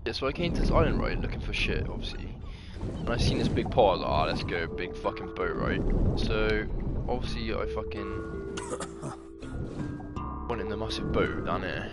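A young man with a swearing, excitable manner, chatting casually as he plays a game. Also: lowish voice, moderate pace, pauses often. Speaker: gamer. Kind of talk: casual let's-play commentary. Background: loud game music.

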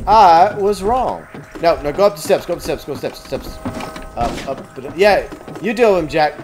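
A man hosting a casual gameplay commentary, cursing and yelling at the game. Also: high voice, sing-song, normal speed, faint music behind. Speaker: gaming let's-play host.

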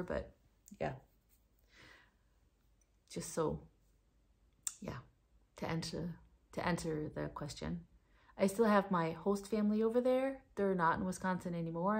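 A middle-aged Danish woman with a slight American tinge to her accent, rambling excitedly in a casual knitting vlog. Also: on the low side, gravelly, breathy edge. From Denmark. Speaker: knitting vlogger. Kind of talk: casual chat.

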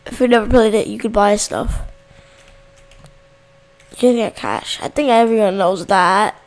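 A woman hosting a gaming channel, giving casual let's-play commentary, chatting to her viewers and yelling at game characters. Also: mid-range voice, measured pace.

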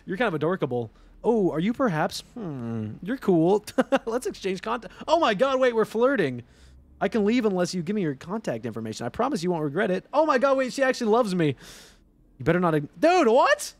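A man streaming a game live, commenting casually and excitably, swearing and laughing as he plays. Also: sits high, fairly quick, no room sound.

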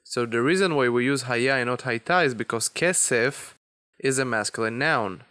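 A man giving a beginner language lesson, explaining grammar slowly and deliberately with example phrases. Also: medium pitch, bright, forceful tone, clear, resonant tone, dry recording, clean studio sound. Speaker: Hebrew teacher.

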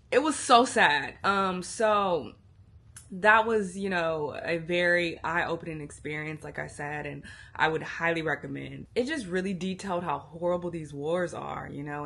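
A woman with a bright, forceful voice that carries a husky edge talks straight to the camera about her travels. She is casual and candid, lets her feelings show, and swears without holding back. Her voice sits a little low for a woman. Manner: candid, emotional, swears freely. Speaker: travel vlogger. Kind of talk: casual vlog chat to camera.

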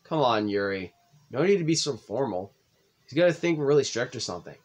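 A man's voice: medium pitch, lively intonation, brisk, close to an everyday voice. A man voicing a small, assertive and defensive teenage girl in a visual novel read-through. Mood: brash. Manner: brash and defensive.

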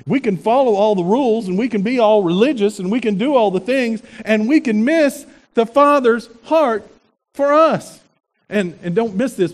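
A male pastor preaching a sermon in an animated way, asking the congregation rhetorical questions. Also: high voice.

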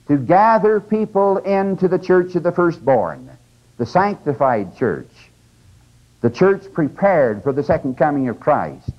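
Older male lecturer, raised pitch, conversational and emphatic, dull old lecture tape. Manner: conversational, emphatic teaching with asides. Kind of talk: religious lecture.

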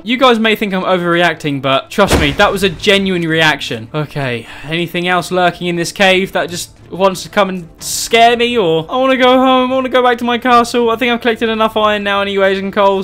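A man's voice: high-pitched, fairly bright tone, a little hiss or hum. A young man giving chatty let's-play commentary, talking straight to his viewers and crying out when startled. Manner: jumpy, exclaims often when startled; chatty, talks to viewers directly. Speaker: gaming YouTuber.

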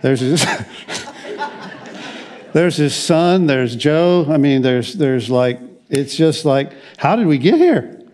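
Middle-aged American pastor, rambling sermon delivery, warm dark tone, slightly high pitch. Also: male voice, expressive, slow pace. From United States. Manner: rambling, conversational, frequent restarts.

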